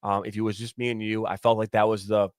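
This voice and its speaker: A former soccer referee on a podcast, telling stories in a lively way and acting out what players and coaches said. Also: male voice, fairly low pitch, quick pace, smooth, dry recording, studio quality. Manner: animated storyteller acting out quotes, many restarts. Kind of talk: casual storytelling chat.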